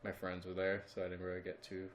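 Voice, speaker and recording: A man co-hosting a podcast in casual chat, blunt and quick to swear, talking at home. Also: low voice, completely flat delivery, slight background noise. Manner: blunt, swears, laughs along. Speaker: podcast co-host.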